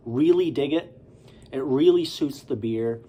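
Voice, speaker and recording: Male beer reviewer, relaxed and unhurried, mid-pitched, casual rambling delivery. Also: breathy edge. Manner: relaxed, rambling, with many fillers and asides.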